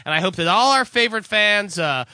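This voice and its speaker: An excitable man co-hosting a podcast, rambling and stammering as he pitches a new idea in casual banter. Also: fairly quick, no echo. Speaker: podcast co-host.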